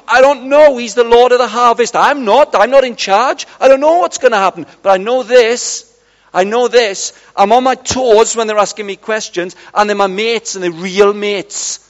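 Chatty preacher man, high voice. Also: moderate pace. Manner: lively, chatty, acts out dialogue with friends. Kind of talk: storytelling sermon. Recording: dull sound in a large reverberant hall.

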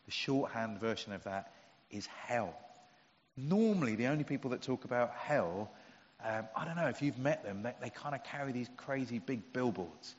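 A man's voice: medium pitch, expressive, normal speed. Middle-aged male preacher, easygoing and funny, dull recording with a long church echo. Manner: conversational, humorous, emphatic. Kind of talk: sermon. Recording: dull sound with long hall reverb.

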